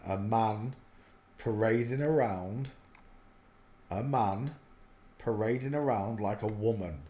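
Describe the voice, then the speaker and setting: A man's voice: lowish voice, slow pace, pauses often, warm tone, slight background noise. A man giving earnest, preachy spoken commentary on faith, rambling with many fillers, in an echoey room. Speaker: religious video host.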